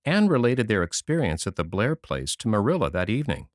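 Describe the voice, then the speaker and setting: A man narrating a classic children's novel in an expressive, measured reading voice. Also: fairly low pitch, no echo, clean studio sound. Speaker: audiobook narrator. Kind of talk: scripted storybook narration.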